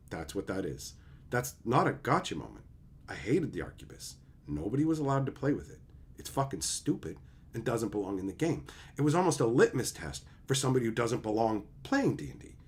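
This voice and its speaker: A man's voice: medium pitch, slightly rough. A man streamer delivering a heated, profane, sarcastic rant, mocking his opponents in put-on voices. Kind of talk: ranting commentary.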